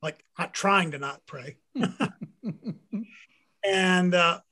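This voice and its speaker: A middle-aged man, a former pro football player, telling a personal faith story in an interview with earnest, animated delivery. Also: high voice, very slow. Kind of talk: personal faith testimony in conversation.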